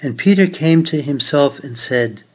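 A man's voice: fairly high pitch, lively intonation, a little slow. A man preaching a sermon, telling a story earnestly and then reading scripture aloud.

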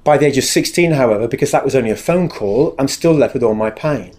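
A man's voice: mid-range voice, animated, fast talker, darkish tone. A man giving a candid, confessional spoken testimony about his own life, speaking earnestly and acting out remembered dialogue.

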